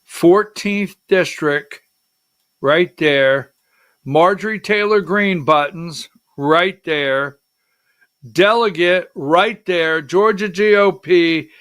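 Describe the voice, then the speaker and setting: Male talk show host, middle-aged, high voice, bright tone, rambling, emotional political commentary. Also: slow pace, clear, resonant tone. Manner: emotional, rambling, directing the producer to slides.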